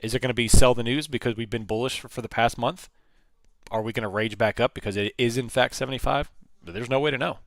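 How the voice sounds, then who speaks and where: This man speaks in a mid-range voice with fairly even intonation, talking fast on a recording with no echo. He hosts a live trading stream, offering casual market commentary as he thinks aloud, often repeating and restarting phrases.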